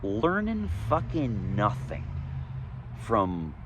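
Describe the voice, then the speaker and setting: A man telling his own story in a candid, profane monologue outdoors, swinging between loud emphasis and low muttering. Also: huge pitch swings, drawn-out words, a little hiss or hum. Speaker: vlogger sharing his recovery story. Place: outdoors, sunny day.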